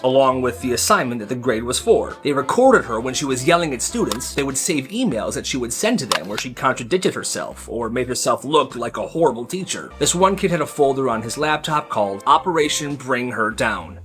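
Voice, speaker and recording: Young man, storytime narrator, wry, conversational, very lively intonation. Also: mid-range voice.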